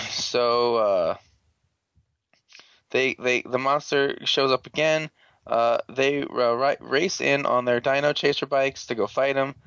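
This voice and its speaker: A man hosting a casual, profane recap, sarcastic and rambling with many fillers and throat clearing. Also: medium pitch, slow pace, a bit bright, dry recording. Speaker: podcast host recapping a show. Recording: dull lo-fi dry sound.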